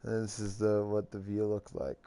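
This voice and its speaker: A tired man yawning his way through a casual recap of a football video game, talking in slow, halting phrases that trail off. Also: on the low side, completely flat delivery. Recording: clear background noise.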